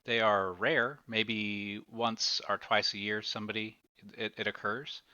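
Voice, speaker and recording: A man's voice: on the low side, little pitch movement, measured pace, sharp tone, no room sound, muffled recording. A man narrating a tabletop game as game master, hesitant and full of fillers.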